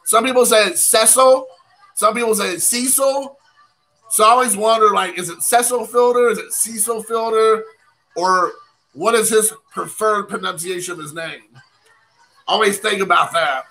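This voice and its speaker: Chatty man with a high, bright, gravelly voice. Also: brisk, faint music behind, low-quality recording. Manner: rambling, self-deprecating, chatty asides to viewers. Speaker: card collecting channel host. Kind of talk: casual live-stream chat while opening cards.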